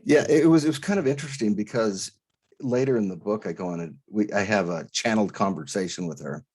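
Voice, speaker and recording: A man from Idaho recounts a personal experience as an interview guest, his voice low-set and somewhat husky. He talks earnestly and haltingly, restarting phrases and acting out the voices he heard. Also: darkish tone. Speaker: guest, author. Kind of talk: storytelling interview.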